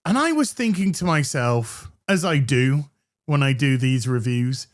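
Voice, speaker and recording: A man's voice: mid-range voice, animated, measured pace. A man hosting a TV review show, ranting sarcastically with crude jokes and stammered restarts. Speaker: host reviewing a TV episode.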